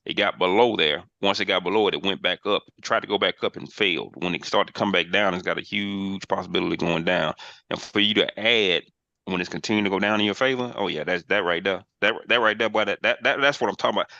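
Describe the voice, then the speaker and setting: An emphatic man coaching traders on a group call, circling back on his phrases to drive points home. His voice is bright and forceful and sits a little low. The call audio is dry and dull, with a lo-fi sound. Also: quick pace, creaky, dry recording. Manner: emphatic, repeats phrases, playful bursts. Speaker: trading mentor, host. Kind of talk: casual online group call, chart walkthrough.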